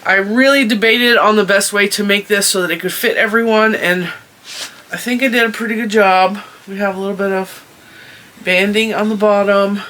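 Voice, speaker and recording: A woman's voice: medium pitch, fairly even intonation, moderate pace, a bit bright, a little hiss or hum. A woman hosting her own crochet tutorial channel, chatty and giggly, often stopping to correct herself as she explains.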